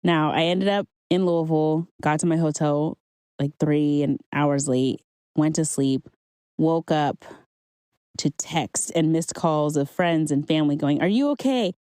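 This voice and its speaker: On her own podcast, a woman recounts her faith journey in an earnest, conversational monologue meant to encourage listeners. Her low voice is warm and clean, level in tone and a little slow, recorded dry.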